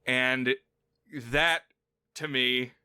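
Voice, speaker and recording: Bright, clear-voiced man chatting about film. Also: mid-range voice, steady tone, drawn-out words, no room sound, clean studio sound. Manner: chatty, explains at length, playful asides. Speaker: podcast co-host. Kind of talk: casual film podcast chat.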